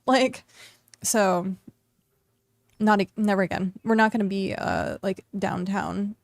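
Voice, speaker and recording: A woman's voice: mid-range voice, fairly even intonation, normal speed, a little mellow, no echo. A woman streamer from the United States chatting casually while she plays, rambling with lots of fillers and restarts. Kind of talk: casual chat while gaming.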